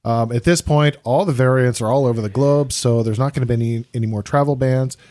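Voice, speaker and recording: A man's voice: medium pitch, brisk, darkish tone. Man explaining matter-of-factly. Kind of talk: casual chat, explaining travel rules.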